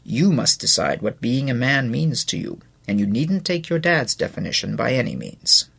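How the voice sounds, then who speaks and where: A man voicing an older female nurse in an audiobook, gentle and plain-spoken. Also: mid-range voice, big pitch swings, moderate pace, gravelly, slightly rough, heavily acted. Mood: gentle firm. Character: older female hospital nurse, kindly but firm. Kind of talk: audiobook character voice.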